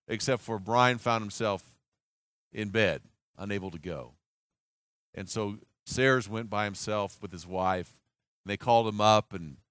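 A man's voice: fairly low pitch, fairly bright tone, no room sound, studio quality. A man in his sixties from the United States, preaching a sermon as an earnest story full of restarts and acted quotes.

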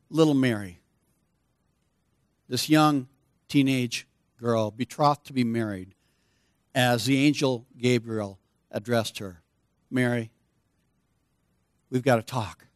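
A man's voice: medium pitch, no echo, studio quality. A man preaching a sermon as pastor, conversational and playful with his congregation.

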